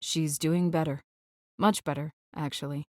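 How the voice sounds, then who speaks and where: Brief: a woman reading as a guarded young rock star, hushed and low-pitched, bone-dry studio sound. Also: steady tone, measured pace, no echo. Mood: tender. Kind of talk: audiobook character voice.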